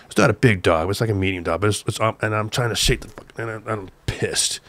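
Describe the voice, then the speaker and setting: An older man from Southern California, a guest telling an excited, profane story, acting out the shouts of the people in it. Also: on the low side, quick pace, no room sound. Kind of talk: animated storytelling on a podcast.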